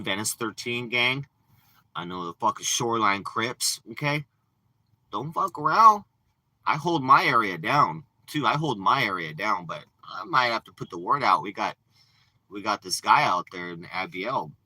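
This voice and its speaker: A man in a rambling, profane livestream rant, boasting and telling stories in a loose, unscripted way. His voice sits fairly low but has a hard, piercing edge. He talks into a phone from inside a parked RV. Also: bright, forceful tone, no room sound, rough recording. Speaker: live streamer. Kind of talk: casual rambling livestream chat.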